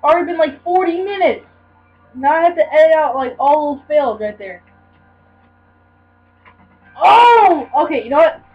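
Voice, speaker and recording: A young woman commentating her own gameplay, mumbling at times and then yelling and screaming in frustration. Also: a little fast, highs cut off. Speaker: gamer. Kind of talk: let's play commentary. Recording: low mains hum.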